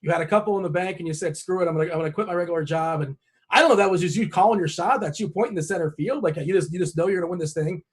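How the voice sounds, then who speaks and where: A male podcast host who talks quickly in a high voice, firing off questions and playful teasing jabs at his guest. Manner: joking, teasing interviewer. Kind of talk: casual interview chat.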